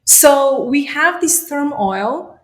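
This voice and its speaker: A woman's voice: high-pitched, expressive, slow pace. Reflective woman host in an echoey room. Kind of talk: interview.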